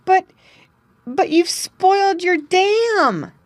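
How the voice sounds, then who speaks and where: Storybook muskrat lad, high and eager, stammers; a woman voices him. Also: sing-song, slow, dry recording. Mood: excited. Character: excitable young male muskrat.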